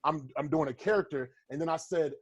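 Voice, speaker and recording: Guy comic telling a wild club story on a video call, cussing a lot, voice sits kinda high. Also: fairly quick, dry recording. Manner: animated, swears freely, acts out quotes. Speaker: stand-up comedian, guest. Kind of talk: casual storytelling chat.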